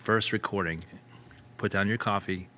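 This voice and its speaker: Male podcast host, deep voice with a bright edge, irreverent jokester. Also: fairly even intonation, moderate pace, a little hiss or hum. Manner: joking, crude and irreverent. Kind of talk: casual podcast chat.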